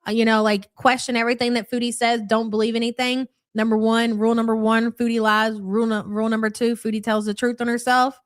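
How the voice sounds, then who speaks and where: A woman's voice: a little high, flat delivery, fast, few pauses, no room sound, clean studio sound. Blunt, mocking woman streamer. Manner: blunt, mocking, swears freely. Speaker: commentary streamer. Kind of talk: casual live-stream commentary.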